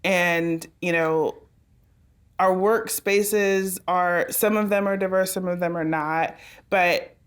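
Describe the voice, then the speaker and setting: A woman co-hosting a podcast, thinking aloud in a relaxed discussion. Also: fairly low pitch, takes it slowly. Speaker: podcast co-host. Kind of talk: conversational discussion.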